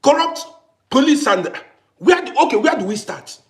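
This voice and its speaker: A man from Africa rants straight to camera in a high, swooping voice. He fires off rhetorical questions and circles back over the same points again and again for emphasis. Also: sing-song, moderate pace. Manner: ranting, rhetorical questions, repeats himself. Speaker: vlogger. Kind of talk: impassioned monologue to camera.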